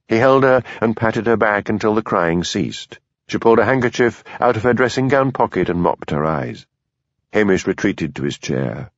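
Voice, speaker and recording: Low-voiced male audiobook narrator. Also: expressive, normal speed, no echo, lo-fi sound. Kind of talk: scripted narration.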